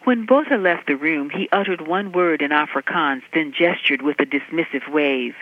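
A woman correspondent delivering a reported news segment in a measured, even way. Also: low voice, no echo. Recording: dry, dull lo-fi line.

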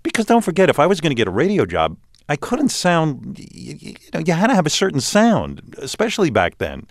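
This man's voice is a little high, somewhat quick and creaky, captured at studio quality with no room sound. In his sixties and speaking with a New York accent, the radio host is an interview guest, telling animated stories casually with plenty of restarts.

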